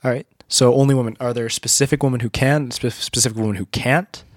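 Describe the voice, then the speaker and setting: A man acting as game master, leading a casual planning chat for a tabletop game and thinking aloud with halting restarts. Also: medium pitch, fairly even intonation, no room sound, studio quality.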